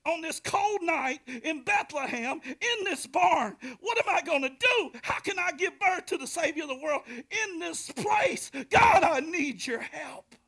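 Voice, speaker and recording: A man voicing a frightened young mother who cries out and pleads in a high, strained voice. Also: lively intonation, a little slow, creaky, a bit bright, slightly rough, exaggerated voice. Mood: desperate. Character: frightened young mother giving birth, woman.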